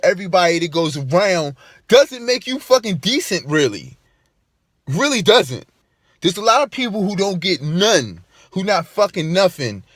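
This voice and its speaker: A man's voice: high voice, a bit bright, dry recording, studio quality. A man delivering an emphatic, profane vlog rant, hammering his points by repeating them. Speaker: vlogger. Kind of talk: ranting monologue to camera.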